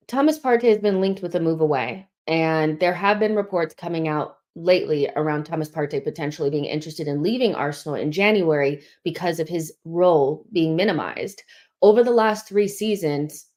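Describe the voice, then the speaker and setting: A woman's voice: sits low, moderate pace, darkish tone. A young woman hosting a live football fan stream, chatting casually, a little out of breath as she reads viewer comments. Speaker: host of a football fan show.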